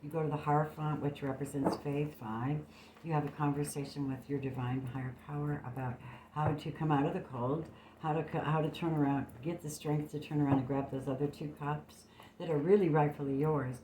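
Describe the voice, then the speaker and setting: A woman's voice: sits low, fairly even intonation, fairly quick, noisy background. A woman giving a casual tarot reading to camera, blunt and emphatic, swearing freely, recorded on a phone. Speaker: tarot reader. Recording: echoey room.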